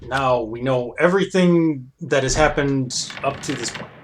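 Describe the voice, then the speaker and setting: A man's voice: medium pitch, measured pace, slight background noise. A man hosting a let's play, reading game text aloud and making wry, joking asides. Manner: wry, joking asides between read-outs. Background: game music.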